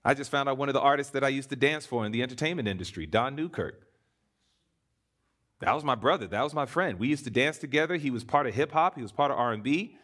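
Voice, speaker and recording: A man preaching a sermon in church, swinging between emphatic declarations and hushed, earnest appeals. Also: mid-range voice, animated, fast.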